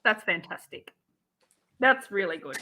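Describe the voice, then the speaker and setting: A woman's voice: mid-range voice, expressive, a little slow, bright, forceful tone, a little hiss or hum, poor audio. A woman, chatting casually as co-host and laughing easily. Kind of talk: casual chat.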